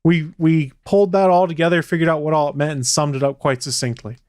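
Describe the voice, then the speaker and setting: A man's voice: fairly high pitch, fairly even intonation, fast, a little mellow, clean tone, dry recording. A man co-hosting a podcast, talking casually with wry, dry humor. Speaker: podcast co-host. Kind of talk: casual chat.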